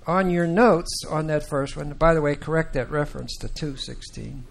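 A man teaching a Bible class, explaining verses deliberately and with emphasis, and putting questions to the class. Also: fairly high pitch, gravelly.

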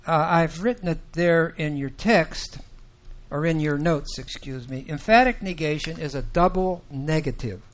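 A man teaching a Bible class, talking slowly and haltingly with many fillers and restarts. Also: fairly high pitch. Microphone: microphone that sometimes cuts out.

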